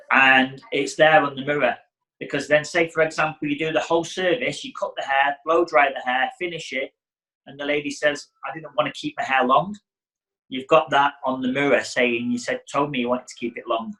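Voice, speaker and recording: A man's voice: medium pitch, bright, forceful tone, rough recording. Chatty man teaching hairdressing. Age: middle-aged. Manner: chatty, acts out client dialogue. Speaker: hairdressing educator. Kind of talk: casual teaching talk.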